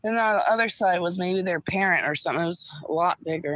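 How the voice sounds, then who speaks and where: A woman's voice: fairly low pitch, quick pace, fairly bright tone, no room sound, low-quality recording. A woman co-hosting a stream, telling a meandering anecdote in casual chat. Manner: meandering, chatty anecdotes with fillers.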